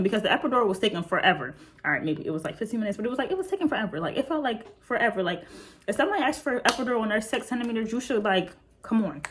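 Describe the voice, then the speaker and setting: A young woman telling a casual storytime, chatty and full of fillers, talking straight to her viewers. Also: fairly high pitch. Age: young adult. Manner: chatty, frequent fillers, addresses viewers directly. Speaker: vlogger.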